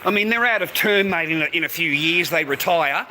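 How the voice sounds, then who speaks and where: A man's voice: a little high, brisk, sharp tone, rough recording. An Australian man talking casually to his viewers in a rambling way, swearing often and calling them mate and bro. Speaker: streamer. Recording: outdoor traffic noise.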